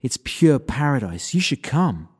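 A man voicing an arrogant, excitable young human man who dabbles in the occult, loud and drawling. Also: medium pitch, a little slow, slightly rough, in a large hall, pitched above the performer's own voice. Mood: zealous. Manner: shouty, drawling, says "man" a lot.

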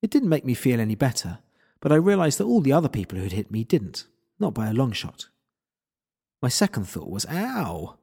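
A man's voice: mid-range voice, sing-song, brisk, gravelly, mellow, slightly rough. A man narrating a first-person story in a wry, self-deprecating way.

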